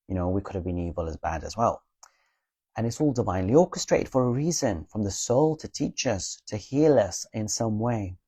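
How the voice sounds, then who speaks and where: A man's voice: lowish voice, dark tone, breathy edge, no room sound. A man speaking casually and earnestly to viewers about spiritual healing, reassuring them, checking in with "okay?" and swearing bluntly now and then. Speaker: spiritual advice creator.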